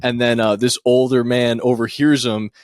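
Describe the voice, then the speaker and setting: A man's voice: medium pitch, flat delivery, moderate pace, dry recording. Young male podcaster, loose filler-heavy storyteller, mid-range voice, dry studio sound. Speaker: podcast co-host. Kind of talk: casual storytelling chat.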